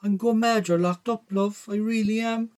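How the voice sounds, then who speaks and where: A fond, gentle Irish mother, as a man puts her on with a raised, lifted voice. She speaks softly and dotingly and keeps calling her son love. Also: high-pitched, fairly even intonation, normal speed, pitched above the performer's own voice, lightly acted. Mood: tender. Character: affectionate Irish mother on a phone call.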